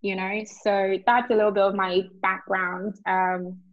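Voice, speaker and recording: A woman from Nigeria, a guest on a video call, who talks in a warm, animated way and laughs easily. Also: mid-range voice, measured pace, no echo, soft background music. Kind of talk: casual video-call interview. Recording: dry, slightly dull audio.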